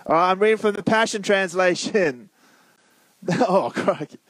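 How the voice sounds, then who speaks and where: A man's voice: sits high, measured pace, a bit bright, dry recording, poor audio. A man preaching in a casual, conversational way, reading scripture and asking the listeners to call out answers. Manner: conversational, prompts the audience to call out.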